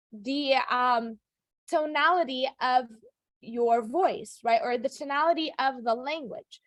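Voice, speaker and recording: A woman teacher giving a chatty, upbeat English lesson to a live class, with fillers and quick self-corrections. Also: high-pitched, a bit bright, dry recording. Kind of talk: classroom lecture recorded for video.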